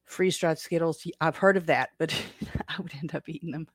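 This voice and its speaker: A woman's voice: deep voice, steady tone, fairly quick, slightly rough, no echo. Chatty rambling woman host, dry sound. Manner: rambling, chatty, frequent self-corrections and small laughs. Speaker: podcast host. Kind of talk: casual livestream chat, answering comments.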